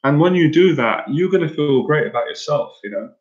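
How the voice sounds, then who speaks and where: A dating and anxiety coach delivers an earnest, emotional live-stream monologue, often stumbling and repeating himself. His voice is fairly high, expressive and brisk. The recording sounds roomy, dull and lo-fi.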